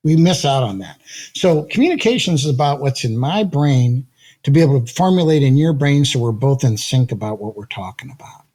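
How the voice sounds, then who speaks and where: An older man, a guest in an interview, telling animated stories with a slightly husky voice, acting out quotes and laughing often. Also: mid-range voice, a little fast. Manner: lively anecdotes, acts out quotes, laughs often. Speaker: guest, audio company founder. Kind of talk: animated storytelling in conversation.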